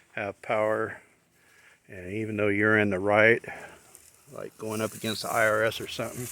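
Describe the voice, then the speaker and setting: Gravelly low-voiced middle-aged man vlogging. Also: a bit bright, a little hiss or hum. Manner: opinionated, rambling, plain-spoken. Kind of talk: casual rambling vlog monologue. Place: outdoors, walking his dog.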